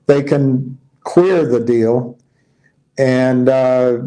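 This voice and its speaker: Male commentator, slow and laid-back, reads headlines and riffs on them, restarts sentences freely. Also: medium pitch, dark tone, rough recording. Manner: musing, reads headlines aloud and explains them; loose, restarting sentences, tired and yawning. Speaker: stock commentator. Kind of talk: casual market commentary.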